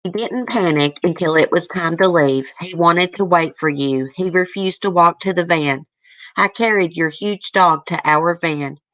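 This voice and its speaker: A woman's voice: fairly low pitch, a little slow, fairly bright tone, dry recording. A woman host reading a letter aloud to her viewers in an earnest, easily moved way, stopping now and then to comment.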